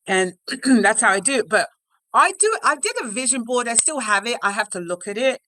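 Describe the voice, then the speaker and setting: Chatty woman with a bright voice. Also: a little high, expressive, a little fast, a little hiss or hum. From London, England. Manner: chatty, frequent "right?" and "you know" tags. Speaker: life coach guest. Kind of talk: casual interview chat. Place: home office.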